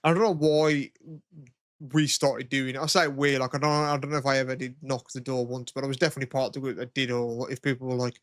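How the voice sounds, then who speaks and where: A young Englishman co-hosts a podcast in a mid-range, slightly bright voice at a brisk pace, recorded cleanly in a studio with no echo. He chats casually, telling meandering, sweary stories and laughing often.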